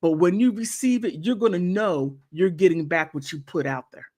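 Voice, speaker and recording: A woman's voice: on the low side, normal speed, a little mellow. A woman hosting her own channel, talking casually while she browses online, thinking aloud with many restarts. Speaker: channel host.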